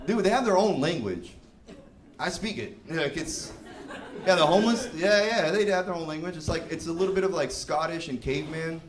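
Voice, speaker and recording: A man's voice: fairly high pitch, brisk, a crowd in the background. Profane young male stand-up comic. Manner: casual, profane, loose and laughing. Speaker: stand-up comedian. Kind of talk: stand-up comedy set. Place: live comedy venue. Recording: roomy live venue with noise.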